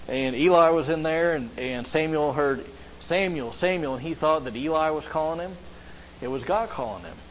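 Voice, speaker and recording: A man preaching a sermon as a pastor, earnest, often asking the listeners questions. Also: fairly high pitch. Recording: slightly dull lo-fi sound with faint background hiss.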